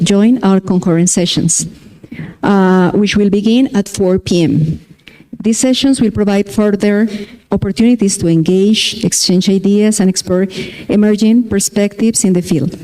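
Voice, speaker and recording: Formal welcome speech, mellow smooth voice, careful, some ums. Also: mid-range voice. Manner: reads names carefully, with hesitant fillers and restarts. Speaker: event organizer giving welcome speech.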